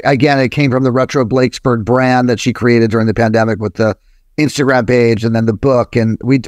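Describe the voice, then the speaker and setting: A man in his sixties from New Jersey, talking as a podcast guest and telling a long anecdote in a loose, rambling way with lots of fillers and an occasional curse. His voice sits at an ordinary middle pitch. The sound is close and dry. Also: darkish tone, dry recording. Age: 60s. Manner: rambling, frequent fillers and restarts, profane. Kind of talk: casual interview storytelling.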